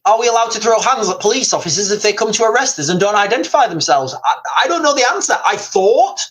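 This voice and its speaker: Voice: mid-range voice, animated, a little fast, a bit bright, low-quality recording. Rambling streamer, loose live chat with the audience, keeps saying "guys". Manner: rambling, repeatedly addressing viewers as guys. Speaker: livestreamer reading chat.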